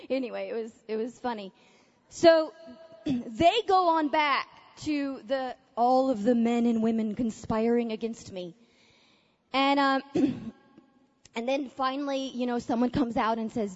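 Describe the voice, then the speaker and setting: A woman speaking at a conference, telling a personal story in an animated way and acting out her own past thoughts. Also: sits high, a little slow. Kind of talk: testimony-style talk to a conference audience. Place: large conference hall. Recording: dull lo-fi capture in a large reverberant hall.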